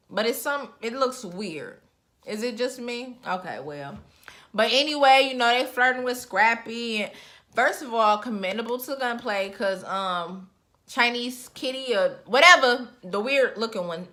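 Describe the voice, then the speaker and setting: A young woman casually recapping a reality show episode, animated and slangy, acting out quotes as she tells the story. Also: fairly high pitch, a little slow. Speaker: reality TV reviewer.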